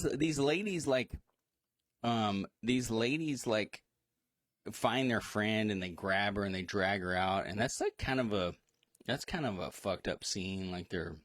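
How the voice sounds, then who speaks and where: A man's voice: on the low side, no room sound, clean studio sound. A man co-hosting a casual horror movie discussion stream, rambling through plot recaps with fillers and laughs. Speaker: podcast co-host.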